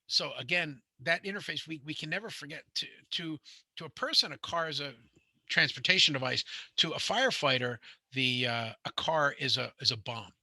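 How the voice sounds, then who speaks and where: A man's voice: fairly high pitch, normal speed, pushed and bright, no echo. A middle-aged man, teaching a home inspection class in a rambling, conversational way, full of fillers and restarts. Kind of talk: classroom lecture with anecdotes.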